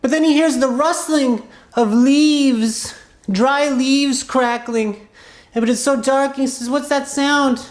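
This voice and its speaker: A woman's voice: sits high, takes it slowly, darkish tone, reverberant. A woman telling an improvised children's story in a clown persona, rambling and playful with asides.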